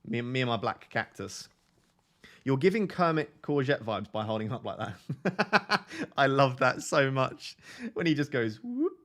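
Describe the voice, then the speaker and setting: On a casual fantasy football live stream, a male host reads viewer comments aloud, joking and laughing along with them. His medium-pitched voice is fairly bright, with lively intonation and a measured pace.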